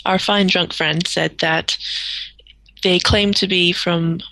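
Giggly gravelly-voiced woman player. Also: lowish voice, fairly even intonation, slow, sharp tone, rough recording. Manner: giggly, apologetic. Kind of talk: casual tabletop role-play.

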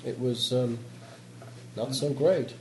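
A man voicing a weary male radio operator at a polar base with a Southern American accent, gruff and brooding as he tells of grim things. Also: medium pitch, slow, dark tone. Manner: gruff, brooding, ominous storytelling. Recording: roomy table recording, faint noise.

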